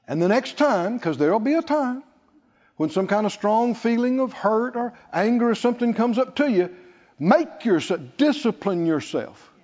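A man preaching a sermon, lively and playful, acting out scripture scenes with laughter. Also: very high voice, moderate pace. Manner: animated, acts out Bible figures with laughter. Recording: lo-fi recording in a reverberant hall.

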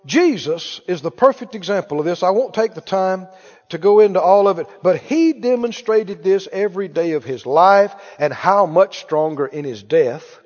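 Animated preacher in a reverberant hall. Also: male voice, high voice, normal speed. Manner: animated preaching with call-and-response questions. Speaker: pastor. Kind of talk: sermon. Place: church sanctuary. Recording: muffled, reverberant church hall.

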